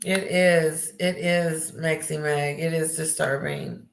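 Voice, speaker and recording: In an echoey room, a livestream host reads viewer comments out loud, welcoming chatters by name and responding casually. She speaks slowly in a low-pitched voice with vocal fry and fairly even intonation.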